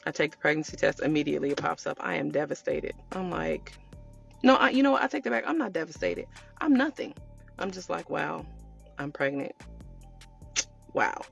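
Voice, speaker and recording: A woman telling her viewers a personal story in a casual storytime way, animated and chatty, calling them y'all. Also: low-pitched, fast talker, creaky, highs cut off, soft background music. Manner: animated, addresses viewers as y'all, acts out quotes. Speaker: storytelling vlogger.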